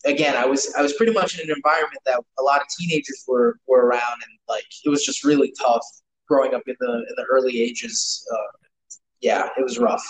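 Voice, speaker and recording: A man's voice: mid-range voice, animated, brisk, poor audio. A man, telling rambling, profane stories with lots of restarts in a casual chat. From New York.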